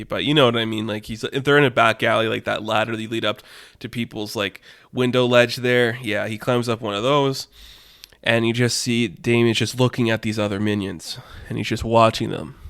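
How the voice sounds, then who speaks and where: A young man hosting a podcast, narrating a made-up fight story in a rambling, animated way and laughing at his own jokes. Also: fairly low pitch, vocal fry, no room sound, studio quality. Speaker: podcast host.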